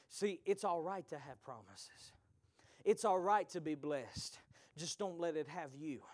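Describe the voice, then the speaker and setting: A man preaching a sermon to his congregation, moving between hushed whispers and shouted peaks and calling out to the listeners directly. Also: a little high, lively intonation, unhurried, no room sound. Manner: call-and-response preaching, addresses congregation directly.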